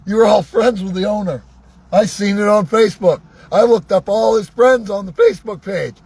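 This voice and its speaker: A worked-up man ranting sarcastically in a vlog from inside a vehicle, his voice going hoarse. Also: high voice, normal speed, a little mellow. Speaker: vlogger. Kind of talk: angry ranting monologue.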